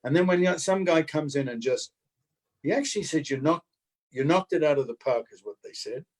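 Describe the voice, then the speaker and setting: An older man telling a lively showbiz anecdote over a video call, acting out the other people's voices as he goes. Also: a little high, fairly quick, a little hiss or hum, poor audio. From Australia. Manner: animated storyteller acting out voices. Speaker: guest actor.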